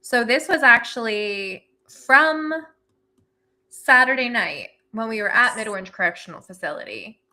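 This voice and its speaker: A woman co-hosting a casual livestream chat over a video call, animated with quick asides. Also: on the high side.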